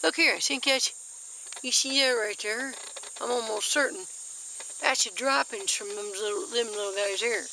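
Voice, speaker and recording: A woman, chatting in a folksy, easily excited way as she films bugs in her backyard garden on a handheld camera. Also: on the high side, moderate pace, a little hiss or hum, rough recording. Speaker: nature vlogger. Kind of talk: casual nature walk-and-talk.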